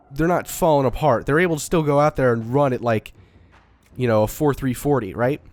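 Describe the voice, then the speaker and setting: Rambling young Texan man, swearing casually. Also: mid-range voice. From Dallas–Fort Worth area, Texas. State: getting over a cold. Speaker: let's-play gamer. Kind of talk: casual gameplay commentary.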